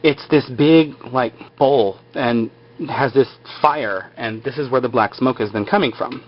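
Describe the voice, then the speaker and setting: A man's voice: mid-range voice, measured pace. A man casually retelling a TV episode, rambling with lots of filler words. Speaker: episode recapper. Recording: slightly muffled lo-fi recording.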